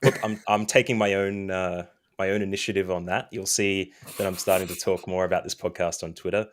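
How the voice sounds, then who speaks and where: A man's voice: sits low, level tone, fairly quick. A man co-hosting a gaming podcast, chatting casually in a wry, self-deprecating way and laughing often. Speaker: podcast co-host.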